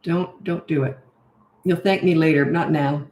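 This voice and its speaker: A woman's voice: sits low, steady tone, moderate pace, a little mellow, roomy sound. An older woman coaching parents in a casual live Q&A, talking directly with plenty of fillers. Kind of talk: live Q&A, reading and answering comments.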